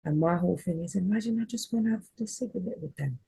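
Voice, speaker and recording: A woman's voice: lowish voice, fast talker, vocal fry, dark tone, slightly rough, poor audio. A woman, a spiritual reader telling an emotional personal story in a rambling, heartfelt way on her vlog.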